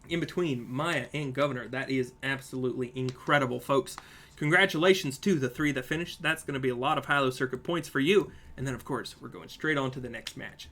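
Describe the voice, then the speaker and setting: A live-stream host calling a marble race play-by-play, excitable and playful, talking to the viewers as folks. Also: mid-range voice, brisk.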